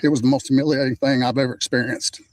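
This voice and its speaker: An older man recounting what happened to him in a plain, measured way. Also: medium pitch, steady tone. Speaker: interviewee. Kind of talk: recounting a story.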